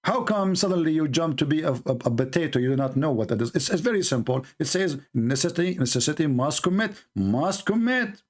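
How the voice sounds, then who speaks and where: A combative man hosting a call-in debate, mocking his callers and repeating phrases for emphasis, his voice going hoarse. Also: a little high, lively intonation, brisk, hardly any pauses. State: losing his voice. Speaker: debate show host. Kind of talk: live call-in religious debate.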